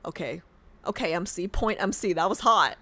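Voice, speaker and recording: A young woman streaming a game, chatting casually and excitably, swearing and filling with "like". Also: on the low side, moderate pace, no room sound. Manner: excitable, swears a lot, fills with "like". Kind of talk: casual gameplay commentary.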